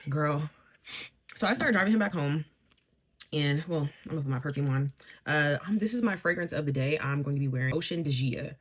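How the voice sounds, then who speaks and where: A chatty young woman tells a storytime while doing her makeup. Her voice sits a bit low for a woman, and she talks in an animated way with quick laughing asides. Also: husky. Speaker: beauty vlogger.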